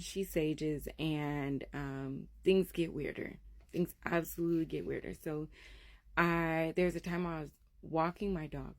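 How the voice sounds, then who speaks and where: Woman, 30s, low-pitched, dry close sound; animated casual ghost storyteller who acts out the voices. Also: no room sound. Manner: animated, acts out quoted voices, drops to a hush at scary moments.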